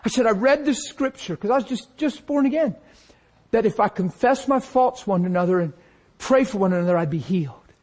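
A male preacher telling a personal testimony in a sermon, animated storytelling that acts out the scenes. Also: high-pitched, brisk. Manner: animated storytelling, acting out his own crying.

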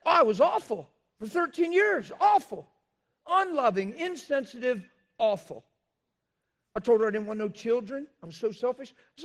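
High-voiced preacher, shouting and confessing. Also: male voice, animated, moderate pace. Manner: swings from loud shouting to quiet storytelling; blunt, confessional. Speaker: pastor. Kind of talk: sermon.

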